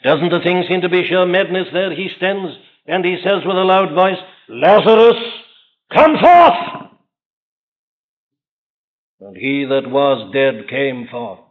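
Man, high-pitched pulpit preacher, fervent sermon delivery, dull old recording. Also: normal speed, few pauses. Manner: impassioned, rising and falling emphasis. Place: large church.

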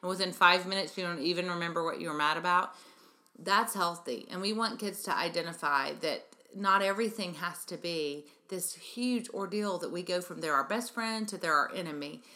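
Bright, emphatic woman hosting a parenting talk. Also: lowish voice, normal speed. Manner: earnest, emphatic, addresses listeners as "you guys". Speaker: parenting show host and preschool educator. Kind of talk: radio-style parenting talk monologue.

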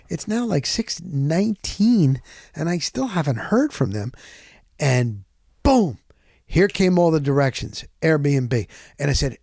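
Man, casual storyteller, animated, dry close mic. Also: a little high, measured pace, vocal fry, no room sound. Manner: animated, punctuates with sound words.

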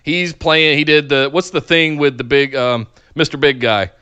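A man's voice: a little high, steady tone, normal speed, pushed and bright, smooth, dry recording, lo-fi sound. A man co-hosting a casual wrestling podcast, chatty and enthusiastic. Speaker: podcast co-host.

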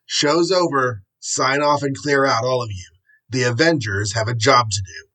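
A man reading aloud voices a commanding armored male superhero who gives clipped, brisk orders, with a husky voice. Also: medium pitch, sharp tone, rough recording.

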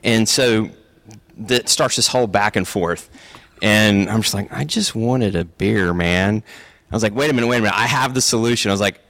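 A man's voice: on the low side, normal speed. A man attending a convention, telling a story casually and acting out the quotes. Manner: animated, acts out quotes.

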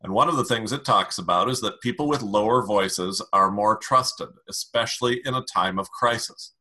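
A man explaining communication strategy in an interview, calm and emphatic as he gives advice. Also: lowish voice, moderate pace. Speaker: communication expert.

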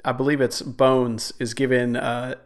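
A man in casual podcast chat, relaxed and joking, adding short replies. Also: mid-range voice, a little slow.

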